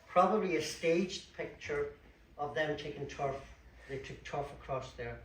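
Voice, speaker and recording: Speaking a little slowly in a voice on the high side, this guest speaker from Donegal, Ireland, with a Donegal accent, chats about local place names at a local history talk, a community hall book launch. He explains as he goes, adding dry asides. Echo from the hall, a distant mic, and faint room noise color the audio.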